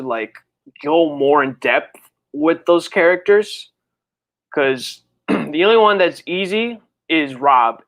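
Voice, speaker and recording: A streamer chatting casually on a live birthday stream, reading viewer messages and rambling in slang, with sudden high, excited outbursts. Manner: rambling, slangy, full of fillers. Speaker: livestreamer and comic creator.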